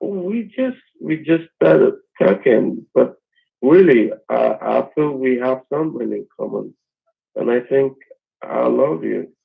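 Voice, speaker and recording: A man's voice: medium pitch, expressive, slow, creaky, breathy edge. A man on a phone call, talking hesitantly with fillers and restarts. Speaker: scammer on the call. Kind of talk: phone conversation.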